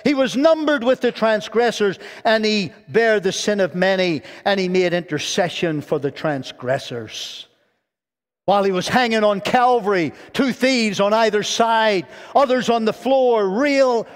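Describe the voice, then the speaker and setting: A male pastor preaching a fervent sermon in a church, swinging from loud high exhortation down to quiet low tones. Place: church sanctuary. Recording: long church reverb.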